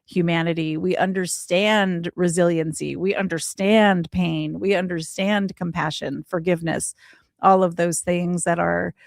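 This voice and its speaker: A woman in her forties, a podcast guest, telling a heartfelt personal story in an animated way, acting out the voices she quotes. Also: fairly low pitch, measured pace, creaky, no echo, studio quality. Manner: animated, acts out quoted voices, laughs often.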